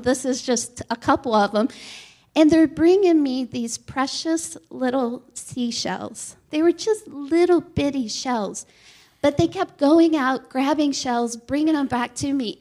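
High-voiced woman telling a testimony. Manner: earnest, animated storytelling. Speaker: speaker sharing a testimony. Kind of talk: church testimony talk.

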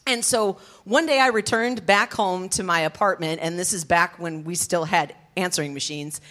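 A woman, telling her personal testimony in an earnest, expressive storytelling way. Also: lowish voice, moderate pace. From Detroit area, USA. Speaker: speaker sharing her testimony.

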